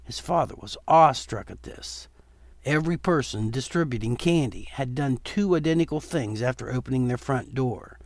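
A man reading a Halloween horror story aloud in a steady, measured storytelling voice. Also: medium pitch, no room sound. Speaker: narrator. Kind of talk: storytelling narration.

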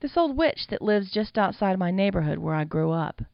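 A woman's voice: mid-range voice, sing-song, moderate pace, creaky, no echo, highs cut off. Woman doing a sly, lumbering young man. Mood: reminiscing. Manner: sly, drawling.

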